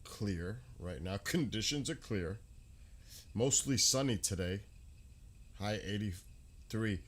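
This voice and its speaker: A man's voice: lowish voice, unhurried, pauses often. New York man chatting on a livestream. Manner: chatty, answers viewers by name. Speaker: livestream host. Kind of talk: casual live-chat skywatching stream. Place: outdoors at night, dark rural area.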